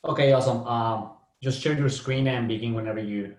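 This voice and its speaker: A man's voice: medium pitch, steady tone, a little fast, roomy sound. A man hosting an online meetup over a video call, informal and brief. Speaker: meetup host. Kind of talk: casual hosting.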